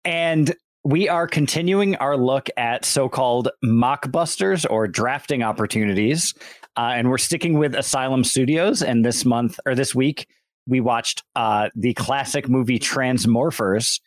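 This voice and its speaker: A man's voice: medium pitch, unhurried, no echo. Guy co-hosting a movie podcast, dry close sound, easygoing jokey talk. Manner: dry, joking, introduces guests. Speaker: podcast co-host. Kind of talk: casual chat.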